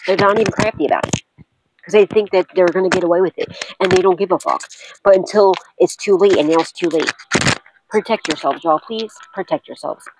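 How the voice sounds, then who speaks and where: A woman's voice: lowish voice, fairly even intonation, fast talker, background noise. Blunt, profane woman tarot reader. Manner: blunt and profane, repeating urgent warnings. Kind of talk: casual tarot reading vlog.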